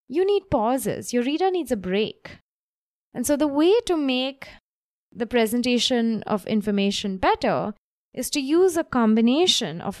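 A woman's voice: high-pitched, dry recording, studio quality. A woman copy coach teaching writing tips in a spoken lesson, reading example copy aloud with expression. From grew up in Bombay, India. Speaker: copy coach and podcast host.

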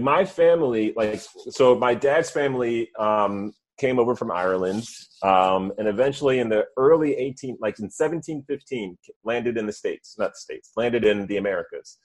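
A man in casual chat who rambles through loose stories full of fillers. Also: lowish voice.

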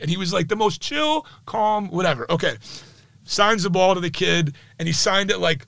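A man's voice: fairly high pitch, a little fast, creaky, no echo. Chatty man telling reporting stories. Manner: animated, chatty, full of "like" and "right?". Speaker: sports journalist guest. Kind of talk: anecdotal storytelling in a podcast interview.

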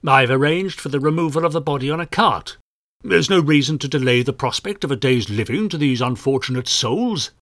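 A man's voice: mid-range voice, animated, fairly quick, fairly bright tone, no echo, studio quality, pitched above the performer's own voice. A man doing a pompous swaggering inspector. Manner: puffed-up, condescending.

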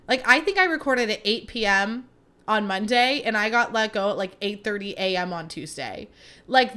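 A woman's voice: a little high, sharp tone. Woman, thirties, solo podcast host, casual and dramatic, laughs easily. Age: 30s. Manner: chatty and dramatic, laughing between thoughts.

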